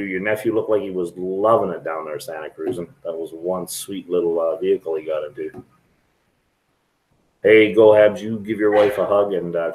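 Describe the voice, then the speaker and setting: A man's voice: low-pitched, darkish tone, poor audio. A middle-aged man chatting frankly and rambling to viewers on a live stream from a restaurant. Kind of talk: casual live stream chat.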